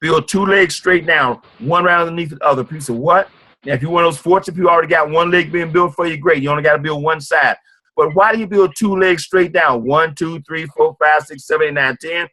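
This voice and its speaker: A man's voice: on the high side, a little fast, sharp tone. A man giving a motivational sales presentation at a business meeting, emphatic and repetitive. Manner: emphatic and repetitive, preacher-like drive.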